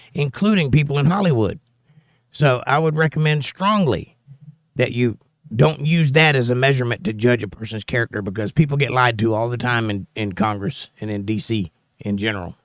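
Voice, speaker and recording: A man's voice: medium pitch, no echo, clean studio sound. A man hosting a political livestream from the United States, reading chat comments aloud and answering them in an argumentative, sarcastic way.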